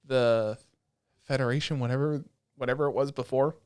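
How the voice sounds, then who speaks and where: A man co-hosting a casual anime podcast, excitable and profane, retelling scenes with animated energy. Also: medium pitch, moderate pace, clean tone, no echo, studio quality. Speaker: podcast co-host.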